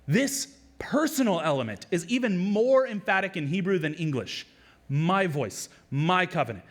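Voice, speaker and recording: A male pastor with a somewhat high voice delivers a lively sermon. He keeps it conversational, throwing in quick asides and repeating words as he goes. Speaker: lead pastor.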